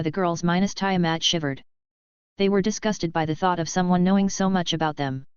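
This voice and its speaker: A woman narrating a web novel audiobook in an even, steady reading voice. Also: on the low side, brisk, clear, resonant tone, dry recording, dull audio.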